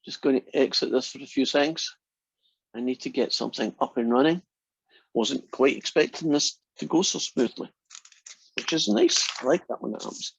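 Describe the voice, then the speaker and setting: A man's voice: mid-range voice, normal speed, gravelly, husky, dry recording. Man, math lecturer, corny jokes, dull dry sound. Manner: jokey, telling corny jokes to students.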